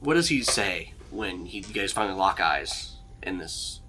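A man's voice: low-pitched, expressive, normal speed, sharp tone, a little hiss or hum. A man running a tabletop game as game master, narrating in a casual, rambling way with lots of fillers. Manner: casual, rambling, laughs often.

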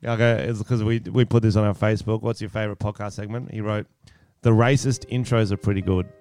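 A man's voice: lowish voice, level tone, fairly quick, a little mellow. A man co-hosting a casual podcast, laughing often as he talks. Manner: giggly, laughs often at his own jokes. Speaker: podcast co-host.

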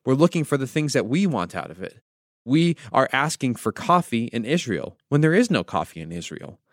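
A man's voice: medium pitch, very animated, moderate pace, dry recording, clean studio sound. A man from the United States, a pastor hosting a devotional podcast, teaching through conversational storytelling with wry asides.

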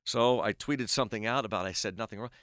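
A man's voice: on the low side, fast talker, no room sound, clean studio sound. A middle-aged man, a baseball play-by-play announcer, telling a long story on a podcast and acting out the quoted back-and-forth. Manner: animated storyteller who acts out quoted dialogue.

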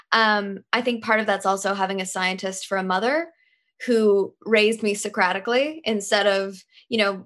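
A woman's voice: mid-range voice, fairly bright tone. A woman actress talking as a podcast guest, articulate and thoughtful, laughing easily. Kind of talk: casual interview chat.

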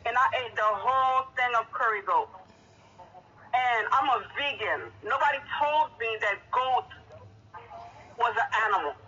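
A man's voice: very high-pitched, a little slow, pauses often, bright, forceful tone, breathy edge, dull audio. A man calling in, earnest and bewildered. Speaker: caller.

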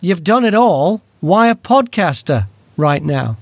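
A man's voice: high-pitched, very animated, a little slow, slightly rough, no room sound. A man hosting a radio countdown show, presenting in an upbeat announcer manner.

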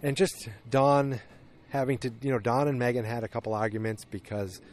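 A man's voice: medium pitch, fairly even intonation, moderate pace, a little mellow, slight background noise. A man hosting a podcast, retelling a TV episode in a casual, meandering way with many restarts and fillers. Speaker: podcast host recapping a TV episode. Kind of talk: casual recap monologue.

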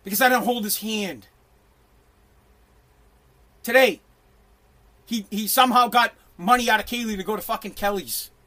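Brash middle-aged male ranter with a strikingly high voice, profane and emphatic, prone to shouting. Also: normal speed, long pauses. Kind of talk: ranting monologue.

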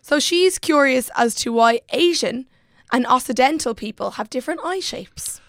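A woman co-hosting a casual podcast, bubbly and quick to laugh. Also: sits high, expressive, dry recording, clean studio sound. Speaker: podcast co-host.

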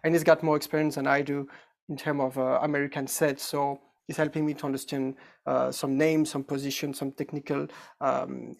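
This is a man with a French accent answering questions in English, a native French speaker. His voice is gravelly and sits a little high. He hesitates often and searches for the right words. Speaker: actor guest. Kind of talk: casual interview answers.

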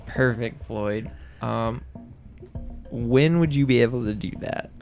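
Gravelly man playing a tabletop game. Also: medium pitch, slow, a little mellow, soft background music. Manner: hesitant, lots of fillers and restarts. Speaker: player voicing a priest.

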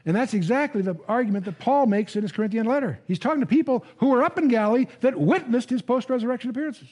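Conversational male Bible teacher, mellow tone. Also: extremely high pitch, expressive, fast. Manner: conversational, repeats words when restarting, asks the audience questions. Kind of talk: Bible lecture to a live audience.

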